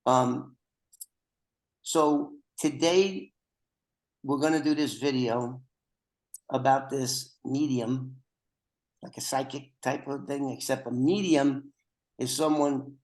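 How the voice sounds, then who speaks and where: A man's voice: mid-range voice, fairly even intonation, slow, long pauses, darkish tone, low-quality recording. An older man hosting a podcast over a video call, chatting casually with rambling, joking asides. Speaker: podcast host.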